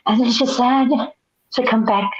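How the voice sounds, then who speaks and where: A woman in a casual chat, telling a personal story in an animated way, laughing often, over a video call. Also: fairly high pitch, measured pace. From Nebraska, US. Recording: dull lo-fi audio.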